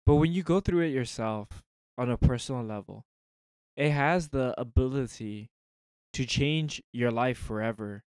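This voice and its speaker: A man co-hosting a casual faith discussion who speaks in a thoughtful, halting, earnest way. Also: mid-range voice, a little mellow, smooth, no echo. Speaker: podcast co-host.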